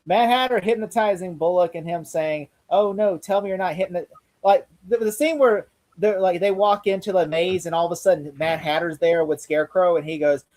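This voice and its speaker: A man with a high voice rambles excitedly through a casual review chat, restarting sentences as he goes. His pitch sits well above most men's, and he jumps from point to point as he co-hosts. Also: a little fast, rough recording. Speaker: podcast co-host.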